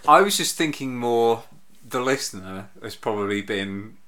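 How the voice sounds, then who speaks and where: A man's voice: mid-range voice, expressive, moderate pace, bright, forceful tone. A man co-hosting a podcast, chatting casually with playful mock insults. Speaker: podcast co-host. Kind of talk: casual chat.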